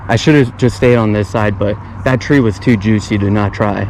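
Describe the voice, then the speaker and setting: A man's voice: lowish voice, fairly even intonation, moderate pace, darkish tone, a little hiss or hum, rough recording. A young man filming a fishing vlog outdoors at a pond on an action camera, talking in a laid-back, chatty way and often repeating himself. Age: young adult. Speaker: fishing vlogger. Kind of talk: casual vlog commentary.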